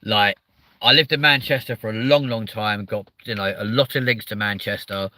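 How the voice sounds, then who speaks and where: A man from southern England hosts a live stream, rambling, swearing and making fun of himself as he chats with viewers. His voice sits on the low side with a steady tone at normal speed, bright and forceful, with no echo.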